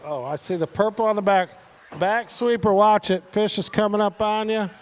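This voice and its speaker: A man's voice: high voice, normal speed, big-room sound, slight background noise. A man announcing a radio-control car race live, calling positions and chatting casually with the drivers by name.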